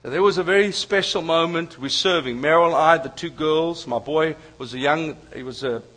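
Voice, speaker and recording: A man preaching a sermon, telling family stories with lively asides to the audience. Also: on the high side, normal speed. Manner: storytelling, animated asides to the audience. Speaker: pastor.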